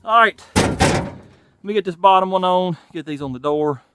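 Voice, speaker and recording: A man's voice: high-pitched, measured pace, noisy background. A man with a Southern US accent, talking casually to the camera while fixing an old truck in a garage and thinking aloud as he works. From Tennessee. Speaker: channel host and mechanic.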